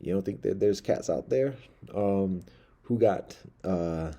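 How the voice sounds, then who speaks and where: A man voicing a streetwise male house mouse who talks in slang, boasting and making quiet threats. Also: deep voice, takes it slowly, heavily acted. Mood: threatening.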